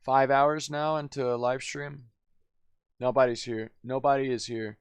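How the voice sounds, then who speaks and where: A man's voice: medium pitch, fairly even intonation, unhurried, smooth, no room sound. A man live streaming, telling a story in a rambling, slangy way, constantly saying "dude" and "man". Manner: laughs often, drifts loud then quiet.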